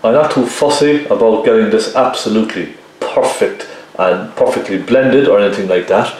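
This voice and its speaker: A man giving a relaxed painting tutorial, talking viewers through each step and often checking in with them as he works. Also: on the low side, moderate pace, a little hiss or hum. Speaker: painting teacher. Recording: very echoey room.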